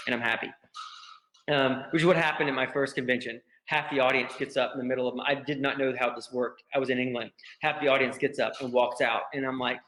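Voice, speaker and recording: Speaking with a Southern US accent on a virtual panel, a man answers fan questions candidly and with jokes, rambling and restarting often. His medium-pitched voice has a sharp tone, picked up by a computer mic on a video call in a roomy, echoey space.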